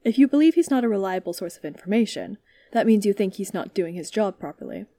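A woman voicing a deadpan, teasing male soldier commander in a storybook reading, dry and straight-faced. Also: medium pitch, fast, no echo.

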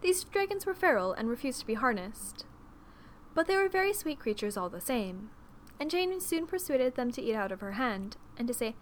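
A woman narrating an audiobook in an expressive, measured storytelling manner. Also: on the high side, slight background noise.

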